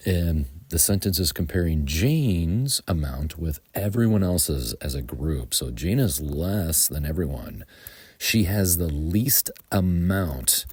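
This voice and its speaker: A man with an American accent teaching English grammar, explaining slowly and methodically with frequent ums. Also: a bass voice, darkish tone, husky, no room sound.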